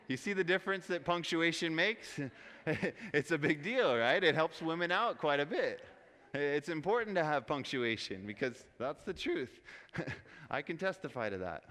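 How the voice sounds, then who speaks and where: A man's voice: fairly high pitch, a bit bright. A man preaching a sermon in a conversational way, often putting questions to his listeners. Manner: conversational, asks audience rhetorical questions. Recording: long hall reverb.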